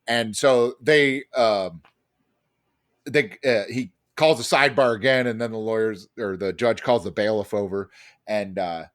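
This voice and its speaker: A man's voice: fairly low pitch, measured pace. A man co-hosting a podcast, telling a story in casual chat, full of fillers, restarts and swearing. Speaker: podcast co-host.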